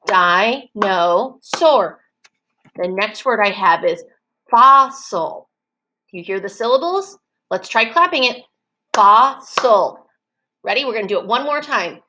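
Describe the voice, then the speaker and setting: A woman teaching preschool children in an online circle time, slow and encouraging, stretching words out so the children can clap the syllables. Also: fairly high pitch, sing-song, pushed and bright, slight background noise, low-quality recording.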